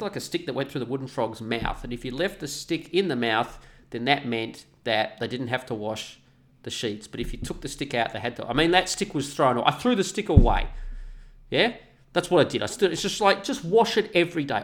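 Profane ranting man. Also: mid-range voice. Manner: profane, ranting, mocking voices. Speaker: vlogger. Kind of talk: casual ranting monologue.

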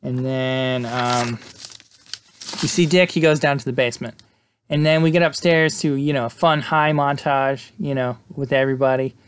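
A man's voice: mid-range voice, fairly even intonation, normal speed, clean tone. A man casually recapping a movie scene by scene, rambling with lots of fillers and quoting characters along the way. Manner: rambling, lots of "like" and "uh", laughs often.

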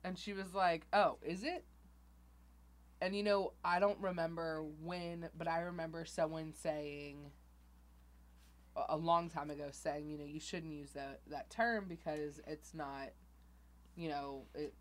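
A woman's voice: low voice, fairly even intonation, unhurried. A woman guesting on a podcast in casual chat, speaking thoughtfully and reflectively, with some teasing.

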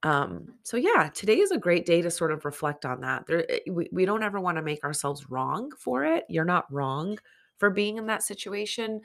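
A woman's voice: on the low side, a bit bright. A woman podcast host, under the weather and nasal, giving candid, encouraging self-help talk in a casual solo monologue.

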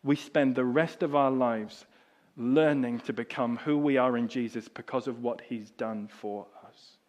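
A middle-aged man preaching a sermon, telling a story that drops soft and low and then rises loud and high. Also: a little slow, muffled recording. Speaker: pastor.

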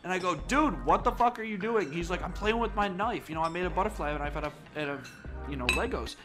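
A man's voice: sits high, animated, fast talker, music in the background. A young man co-hosting a casual podcast, rambling through a story, swearing freely and acting out the quoted lines. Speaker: podcast co-host. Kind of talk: casual chat.

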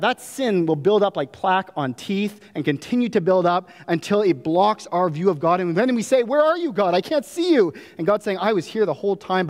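A man's voice: fairly high pitch, in a large hall. A man preaching a sermon earnestly, acting out prayers with rising drama. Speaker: pastor.

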